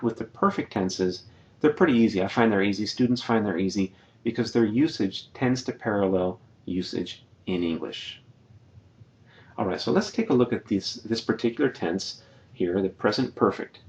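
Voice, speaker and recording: Over slides, a man with a lowish voice teaches a Spanish grammar lesson, patiently explaining and repeating each example sentence. The audio is dull.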